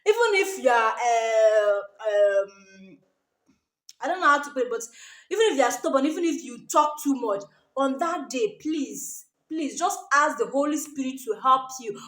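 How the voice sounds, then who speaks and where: A Nigerian woman with a high voice that leaps all over as she lectures with emphasis. She keeps repeating her point and tacking "okay?" onto her advice. The room gives her voice a noticeable echo. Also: lively intonation, normal speed, fairly bright tone. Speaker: vlogger giving advice. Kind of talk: casual advice talk to camera.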